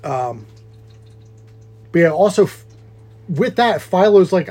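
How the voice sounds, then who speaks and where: A man with a slightly higher voice co-hosts a casual podcast, rambling through a movie recap. He laughs often and acts out lines from the film as he goes. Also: lively intonation, measured pace, long pauses, dark tone, husky. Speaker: podcast co-host.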